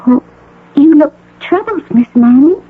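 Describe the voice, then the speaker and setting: An actress playing a fragile, frightened young woman recovering from an overdose, pleading in a high, trembling voice in a 1980 radio drama. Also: expressive, measured pace. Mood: dazed, bright. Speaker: patient. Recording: narrow phone-like radio broadcast.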